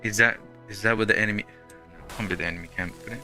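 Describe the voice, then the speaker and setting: A man's voice: lowish voice, steady tone, rapid-fire, bright, forceful tone, faint music behind. A man hosting a gaming channel, chatting casually through gameplay in a rambling way full of fillers.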